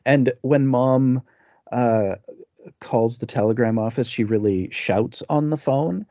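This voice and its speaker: A man co-hosting a casual film podcast, rambling through the plot with fillers and restarts. His voice is mellow and dark. It is recorded dry and a little dull, like a lo-fi home setup. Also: medium pitch, slow pace, dry recording. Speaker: podcast co-host.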